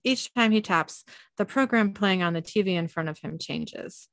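A woman podcast host narrating a TV episode scene by scene, reading in a relaxed way with filler ums and uhs. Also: mid-range voice, normal speed, no echo, studio quality. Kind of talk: reading a scene-by-scene recap with chat.

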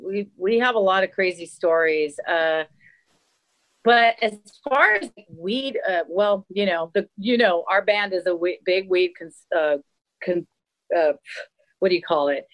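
A woman's voice: fairly low pitch, unhurried, rough recording. A woman in a touring band chatting casually, rambling and searching for words with many fillers. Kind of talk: casual chat.

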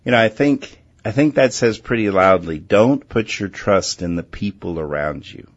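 A man hosting a Christian call-in radio show, talking earnestly and gently and often restarting his words. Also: fairly low pitch, moderate pace, lo-fi sound. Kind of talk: faith-based call-in radio talk.

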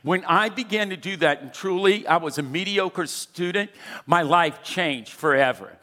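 A man in his sixties preaches with a somewhat high voice, pressing his congregation to join in. His words ring out with a long reverb from a large church sanctuary. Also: moderate pace, sharp tone. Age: 60s. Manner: emphatic, urging the congregation to respond. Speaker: pastor. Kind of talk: sermon.

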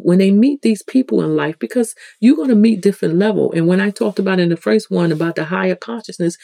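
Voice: gravelly, mellow, dry recording. A host with a New York accent giving a casual, rambling spiritual teaching talk, restarting sentences often. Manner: conversational, rambling, with frequent restarts; acts out quoted people with sudden pitch jumps.

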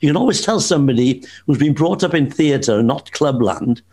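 A male entertainer co-hosting a radio chat, chatty and quick to laugh. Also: a little high, expressive, darkish tone. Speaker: co-host, entertainer.

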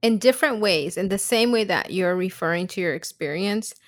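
Woman podcast guest, mid-pitched voice, thoughtful and halting, dry recording. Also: dry recording. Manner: reflective, searching for words with restarts. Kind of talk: casual podcast conversation.

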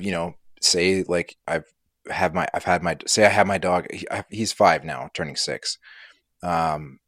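A young Canadian man co-hosting a podcast, his voice sitting low and easy. He rambles and swears with a relaxed, unhurried feel. The sound is close and dry, with no room around it. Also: no echo. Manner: laid-back, profane, rambling. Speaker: podcast co-host. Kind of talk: casual chat.

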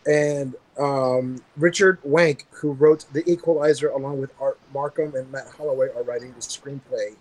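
A man's voice: mid-range voice, moderate pace, few pauses, poor audio. Rambling man hosting a news podcast. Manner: relaxed, rambling with many fillers. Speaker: podcast host reading news. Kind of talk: casual news chat.

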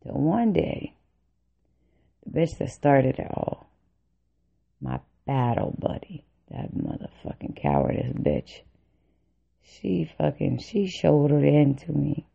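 A woman's voice: low-pitched, very animated, slow, creaky, pauses often, slightly rough. A woman telling an angry, profane story about army training, with bitter laughs. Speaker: vlogger recounting army training. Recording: tinny phone-like recording.

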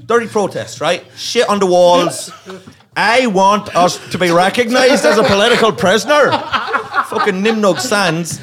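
A man's voice: high-pitched, normal speed, over music. A man telling a long, profane story on a comedy podcast, acting out the voices of the people in it. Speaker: comedian guest.

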